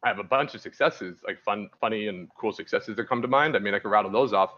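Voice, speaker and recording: A man's voice: medium pitch, expressive, a little fast, fairly bright tone, lo-fi sound. A man, a dating coach, talking candidly as a podcast guest and rambling through stories with many restarts. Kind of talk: casual podcast interview.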